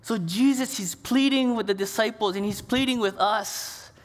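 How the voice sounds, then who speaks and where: A middle-aged man delivers a sermon in a chatty, storytelling way, full of casual asides. His voice sits fairly high for a man. A long reverb trails his words through a church sanctuary. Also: normal speed. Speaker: pastor.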